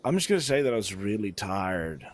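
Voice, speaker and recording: Male roleplay streamer, lowish voice, loose rambly storyteller, faint background hiss. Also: sing-song, a little fast. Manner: rambling, filler-heavy storytelling. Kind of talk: casual in-character chat.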